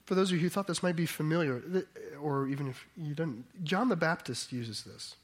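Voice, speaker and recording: Male pastor preaching a sermon, bit high voice, thinks out loud then gets emphatic. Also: moderate pace. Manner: thoughtful, reflective, rising to emphatic.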